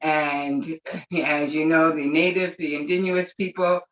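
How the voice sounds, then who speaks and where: A woman's voice: low-pitched, little pitch movement, a little slow. Webinar guest, woman, gushing and emotional; dull lo-fi call audio. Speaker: webinar participant. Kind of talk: emotional video-call testimony. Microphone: video call.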